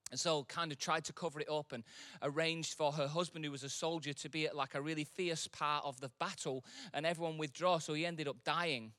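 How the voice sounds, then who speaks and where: Brief: male pastor with a very bright voice and a fairly high pitch. Conversational sermon delivery with impassioned swells. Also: steady tone, a little fast, hardly any pauses, no room sound, clean studio sound.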